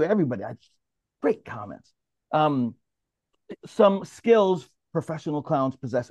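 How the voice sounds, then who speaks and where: A man from New York leading a mediators' roundtable in an animated, casual way, often restarting his sentences and calling on others by name. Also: fairly high pitch, no echo, muffled recording. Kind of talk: casual discussion, moderating.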